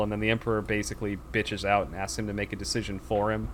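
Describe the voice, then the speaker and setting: A slightly low-voiced man rambles through a movie plot in a casual podcast chat. He acts out the characters' lines in passing, and a faint hum of room noise sits behind him. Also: little pitch movement, quick pace, few pauses. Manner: rambling storyteller with fillers, acts out quoted lines.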